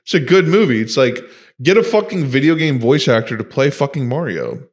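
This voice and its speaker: A man's voice: mid-range voice, sing-song, brisk. A man hosting a podcast in casual chat, ranting and swearing freely. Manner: profane, ranting. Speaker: podcast host.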